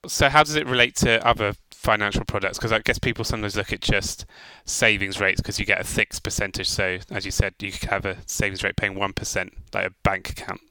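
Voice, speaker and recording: A man with a low, bright voice asks questions and runs a playful quiz. His voice is smooth and clean. It sounds dry and close on the mic. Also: fairly even intonation, a little fast, hardly any pauses, dry recording, rough recording. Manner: playful, asks questions, game-show banter. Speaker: co-host. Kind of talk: casual chat with a quiz segment.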